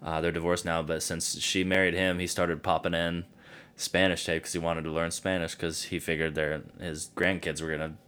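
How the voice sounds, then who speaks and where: A man's voice: low-pitched, level tone, moderate pace, a bit bright, clear, resonant tone. A man in his thirties, a podcast guest, telling laid-back stories in casual chat and swearing freely.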